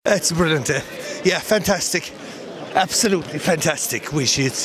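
A man with a Kerry accent, tearful and proud, giving a halting emotional interview at a football ground. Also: fairly high pitch, a crowd in the background. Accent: Irish, Kerry. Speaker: local football club member.

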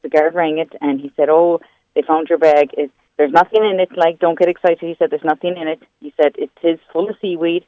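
A woman's voice: low voice, steady tone, fairly quick, no echo, phone-quality sound. A woman telling a rambling, amused story on the radio. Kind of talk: casual storytelling.

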